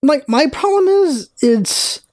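A person talking politics hesitantly, pausing and restarting with "like" and "uh". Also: high-pitched, expressive, darkish tone. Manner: hesitant, halting, filler-heavy. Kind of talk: casual political chat.

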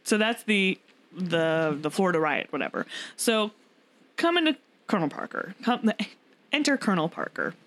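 A woman's voice: lowish voice, big pitch swings, moderate pace, a bit bright. A woman hosting a podcast, telling a story in casual chat with lots of fillers and frequent laughter. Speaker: podcast host.

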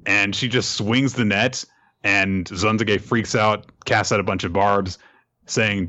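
A man's voice: on the low side, fairly even intonation, moderate pace, bright, forceful tone, muffled recording. A man hosting a podcast, recapping a chapter in a casual, amused storytelling manner.

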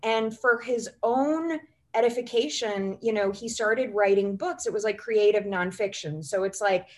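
A writer and goals coach, this woman talks as a podcast guest in a casual interview, spinning long, chatty stories full of "you know" and "like." Her voice is medium-pitched and unhurried.

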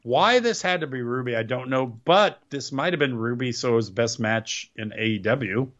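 A man's voice: medium pitch, animated, moderate pace, a bit bright, lo-fi sound. A man co-hosting a casual wrestling podcast, sarcastic and complaining, often tripping over his words. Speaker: podcast co-host. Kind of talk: casual wrestling recap chat.

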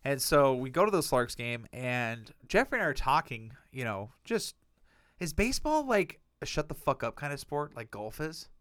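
A man's voice: medium pitch, sing-song, moderate pace, a bit bright, clear, resonant tone, no room sound, studio quality. A young man co-hosting a podcast, rambling through profane stories in casual chat. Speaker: podcast co-host.

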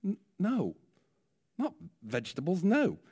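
A man doing an impression of a bumbling, cheerful male funeral minister with a New Zealand accent, in a high, loud, sing-song delivery. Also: huge pitch swings, slow, husky, full character voice. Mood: goofy preaching.

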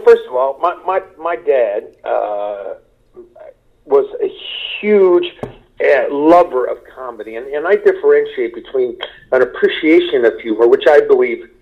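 An older man from Kentucky, a stand-up comedian being interviewed, telling unhurried anecdotes and mimicking people in quotes. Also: medium pitch, expressive, creaky, muffled recording. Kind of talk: relaxed storytelling interview.

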